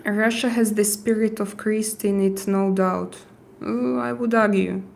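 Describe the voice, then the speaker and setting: Woman, livestream host, unhurried and halting, mid-pitched, fillers everywhere. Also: fairly even intonation, gravelly, a little mellow. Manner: hesitant, halting, many fillers and restarts. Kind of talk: casual live chat.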